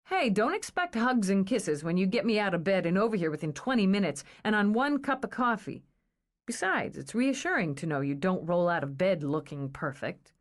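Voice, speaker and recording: A woman's voice: mid-range voice, sing-song, normal speed, close to an everyday voice. A woman reading aloud, voicing a blunt, dry-humored young woman. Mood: wry.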